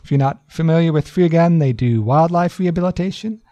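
A man co-hosting a community radio show, reading event listings in a relaxed, casual way. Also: on the high side, fast talker, no echo. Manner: relaxed, reads event listings with easy chuckles. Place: radio studio.

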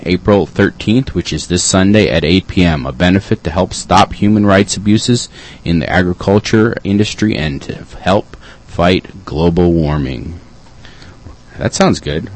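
A man's voice: sits low, unhurried, rough recording. A man co-hosting community radio, reading environmental news items with dry joking asides.

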